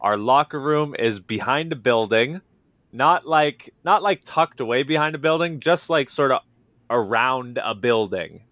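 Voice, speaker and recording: A man in a casual interview, telling his story with lively enthusiasm and frequent fillers. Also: mid-range voice, measured pace, dry recording. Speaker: wrestler, interview guest.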